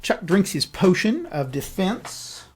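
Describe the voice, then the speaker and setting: A man's voice: high-pitched, wildly swooping pitch, slight background noise. A man narrating his own solo board game playthrough, thinking aloud as he rolls dice and moves pieces. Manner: unhurried, thinking aloud while rolling dice. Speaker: board game channel host.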